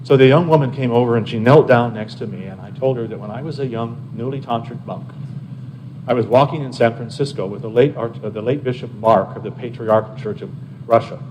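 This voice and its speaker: An older man, an abbot, telling lively personal anecdotes to a live audience and chatting with his listeners as he goes. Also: mid-range voice, brisk, noisy background. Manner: animated anecdotal storyteller, chats with listeners.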